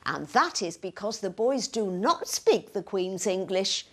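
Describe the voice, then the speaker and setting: A woman's voice: medium pitch, animated. An actress playing a snobbish, prim English lady with a Received Pronunciation accent, who talks in a haughty, precise way. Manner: haughty, precise, slow deliberate delivery. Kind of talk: scripted language-course drama.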